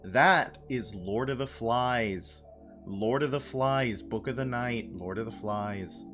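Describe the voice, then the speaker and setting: A man's voice: medium pitch, slow, music in the background. A man live-streaming a game, chatting playfully with his chat, laughing and repeating phrases. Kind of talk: casual live-stream chat while gaming.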